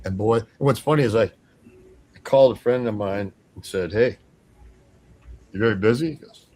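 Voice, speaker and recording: A man's voice: fairly low pitch, normal speed, pauses often, darkish tone. Male guest, casual storyteller, acts out quoted voices, faint noise behind. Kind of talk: casual storytelling on a talk show.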